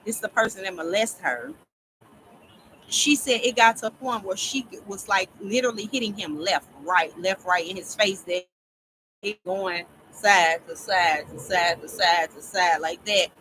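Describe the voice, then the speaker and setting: A woman casually telling a long story to her viewers, rambling and animated, often laughing as she talks. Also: medium pitch, measured pace, a little hiss or hum, rough recording. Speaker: storyteller vlogger.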